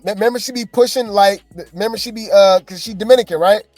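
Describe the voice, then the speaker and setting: High-voiced, exasperated gossip commentator man. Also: quick pace, dry recording, soft background music. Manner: animated, exasperated, talks straight to viewers.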